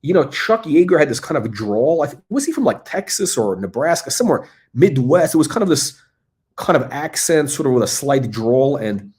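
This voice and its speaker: A man's voice: mid-range voice, big pitch swings, normal speed, a little mellow. Rambling, casual male livestream host. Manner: rambling, with many fillers and restarts.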